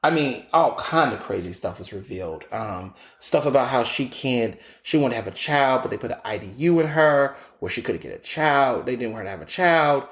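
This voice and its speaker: A man hosting his own podcast, talking bluntly and swearing freely as he throws sassy asides to his listeners. His pitch sits at an ordinary middle for a man. The recording has a roomy echo. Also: lively intonation, moderate pace, hardly any pauses. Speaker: podcast host. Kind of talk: casual opinionated commentary.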